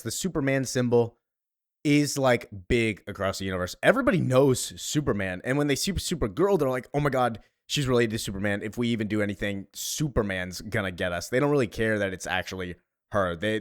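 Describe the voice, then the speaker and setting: A man's voice: mid-range voice, no room sound. Casual male host, loose and chatty in a comic recap, dry close mic. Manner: chatty, loose paraphrasing with fillers.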